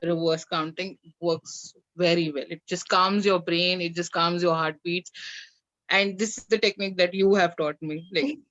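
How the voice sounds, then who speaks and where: A woman's voice: fairly low pitch, normal speed. Woman guest, candid storyteller, slightly muffled lo-fi video-call audio. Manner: animated, recounts with acted-out dialogue and laughs. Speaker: guest, mother and coach. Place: home. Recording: slightly dull lo-fi sound.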